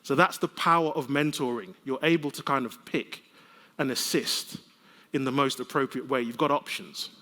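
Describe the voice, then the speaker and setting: A man giving a conference keynote, telling lively, conversational stories with humor. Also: mid-range voice, normal speed. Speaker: keynote speaker. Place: large conference hall. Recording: long reverb of a conference hall.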